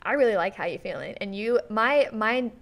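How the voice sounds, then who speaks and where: A woman's voice: mid-range voice, expressive, moderate pace, creaky. Rambling young woman on a podcast. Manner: rambling, enthusiastic, many fillers like "like". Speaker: podcast co-host. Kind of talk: casual chat.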